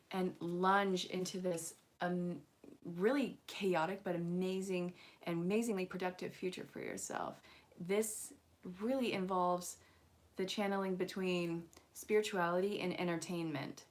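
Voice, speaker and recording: A woman's voice: on the low side, fairly even intonation, a little slow. A young woman doing a live angel card reading in a casual, chatty way, mixing guidance with playful jokes. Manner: playful, joking asides and frequent laughs.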